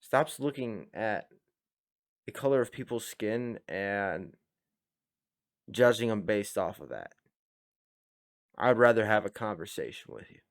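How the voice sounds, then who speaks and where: A blunt, profane man hosts a reaction video. His voice sits a little low, and he talks in loose, emphatic commentary that is full of swearing. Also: expressive, unhurried, pauses often.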